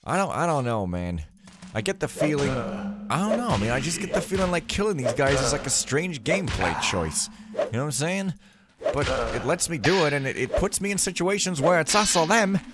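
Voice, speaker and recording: A man's voice: fairly high pitch, sing-song, moderate pace. A man talking to himself as he plays a stealth game, joking and rambling in loose gameplay commentary. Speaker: let's play host. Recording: clear background noise.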